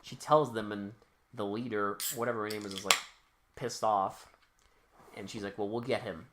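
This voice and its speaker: A man's voice: fairly low pitch, steady tone, normal speed, very noisy. Profane joking podcast co-host man. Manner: profane, joking, acts out characters' lines. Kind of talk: casual movie recap chat.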